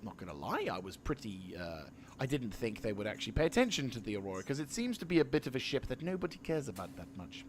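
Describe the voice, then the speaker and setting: A man's voice: mid-range voice, big pitch swings, fast talker, slight background noise. A British man in his thirties streaming a game, talking in a rambling, sweary and self-deprecating way. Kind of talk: casual gameplay commentary.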